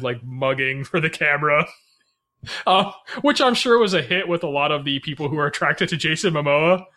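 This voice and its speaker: A man with a high-ish, pushed, bright voice co-hosts a podcast. The talk is casual movie chat, and he rambles with many fillers and restarts, laughing frequently.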